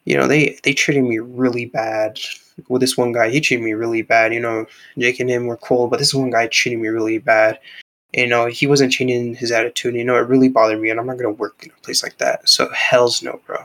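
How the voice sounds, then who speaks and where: A man's voice: medium pitch, little pitch movement, a little fast, fairly bright tone, low-quality recording. A young man telling a story in casual chat, rambling with lots of filler words, calling the listener bro, on a laggy online call. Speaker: podcast co-host.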